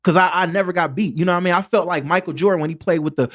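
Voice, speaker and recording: A man from Detroit with a fairly high voice tells his stories at a rapid clip. He is jokey and streetwise and keeps checking in with the listener through quick asides. The sound is close and dry, with no room around it. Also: fairly bright tone, dry recording. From Detroit, USA. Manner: jokey, streetwise, full of "you know what I mean" asides. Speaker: podcast guest, door-to-door salesman. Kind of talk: animated storytelling in casual conversation. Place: podcast studio.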